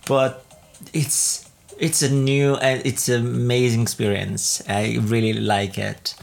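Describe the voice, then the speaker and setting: Chatty laughing woman, slow rambling delivery. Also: extremely low pitch. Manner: chatty, rambling, laughs often, many fillers and restarts. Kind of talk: casual travel vlog chat.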